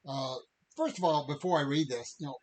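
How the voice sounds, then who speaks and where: A man co-hosting a podcast, chatting and reading passages aloud in a measured, steady way. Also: on the high side, low-quality recording. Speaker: podcast co-host.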